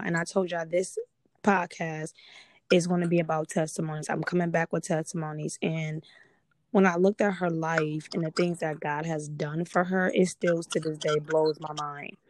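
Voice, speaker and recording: A woman's voice: on the low side, steady tone, normal speed, darkish tone, no room sound. A woman hosting a casual podcast, chatty and repeating herself for emphasis as she talks straight to her listeners. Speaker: podcast host.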